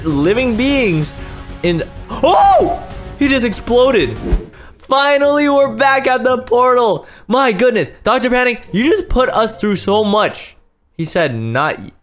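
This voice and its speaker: A young man commentating a game, easily startled, swinging from hushed mutters to sudden yells. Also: high voice. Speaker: gaming YouTuber. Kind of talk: Minecraft gameplay commentary.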